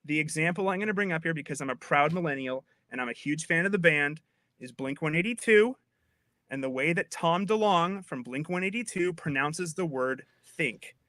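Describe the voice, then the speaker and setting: Brief: man in his thirties, guest expert, fairly high bright voice, dry close sound, lively chatty explainer who restarts a lot. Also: normal speed, dry recording. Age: 30s. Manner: animated, chatty, with frequent restarts. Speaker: guest linguist. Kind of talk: casual explanatory chat.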